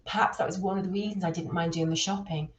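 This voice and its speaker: A woman reading a children's novel aloud, with steady, expressive storytelling. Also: on the low side, fast, roomy sound, highs cut off, slight background noise. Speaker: reader.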